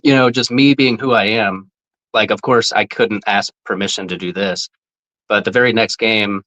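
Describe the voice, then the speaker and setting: Animated man telling a profane story. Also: normal speed, highs cut off. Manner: animated, profane, laughs often, jumps up in pitch when quoting others. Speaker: podcast guest, former team mascot. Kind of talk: casual storytelling.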